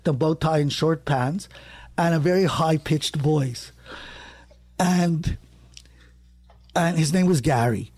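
A man spins a personal story with lively, restless energy. His voice sits a bit high and leaps higher when he is excited, and he often restarts mid-phrase. The sound is close and dry, with no room around it. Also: takes it slowly, long pauses, husky, dry recording. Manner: animated, rising sharply when excited, with self-corrections. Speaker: storyteller guest. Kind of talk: conversational anecdote.

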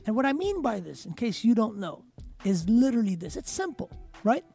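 A man's voice: sits high, sing-song, brisk, creaky, dark tone, slightly rough, faint music behind. A man hosting a casual podcast, giving opinionated commentary with passion and emphatic repetition. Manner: passionate, emphatic, repeats words for stress.

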